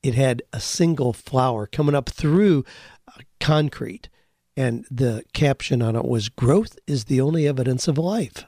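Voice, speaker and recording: Folksy, encouraging older man, mellow tone. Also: medium pitch, measured pace, dry recording, clean studio sound. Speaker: podcast host answering listener questions. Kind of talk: conversational advice with storytelling.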